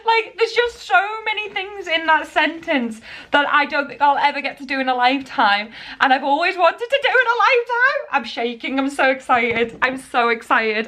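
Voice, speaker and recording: A woman in her thirties from England, talking casually to camera at home in a daily vlog, chatty and excitable, often restarting her sentences. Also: high-pitched. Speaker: vlogger. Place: cold living room at home.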